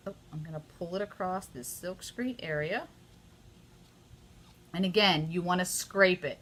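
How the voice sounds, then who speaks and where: A woman hosting a casual live craft tutorial, chatty and easily excited, often gushing over her work. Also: fairly low pitch.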